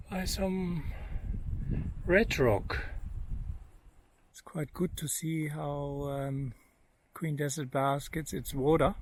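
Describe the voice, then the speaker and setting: A man narrating an outdoor travel vlog in a desert gorge, relaxed and rambling with lots of ums and uhs. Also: on the high side, slight background noise, rough recording. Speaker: 4WD travel vlogger. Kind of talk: casual on-camera narration.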